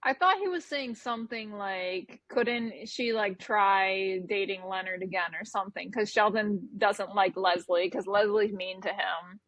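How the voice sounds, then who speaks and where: A woman's voice: mid-range voice, measured pace, few pauses, fairly bright tone, no room sound, low-quality recording. A woman co-hosting a casual chat about a TV episode, giggling and chatty. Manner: chatty, giggly, many "like" fillers. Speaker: podcast co-host.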